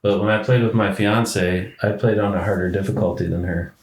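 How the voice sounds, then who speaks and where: Low, flat-voiced man in an echoey room. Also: a little fast. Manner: steady, explains points methodically. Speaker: podcast co-host. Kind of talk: casual chat.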